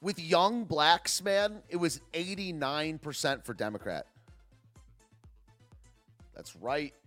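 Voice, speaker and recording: A man's voice: on the high side, expressive, a little slow, sharp tone, soft background music. A man hosting a live stream, ranting casually in a sarcastic, wry way and talking to his chat. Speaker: livestream host.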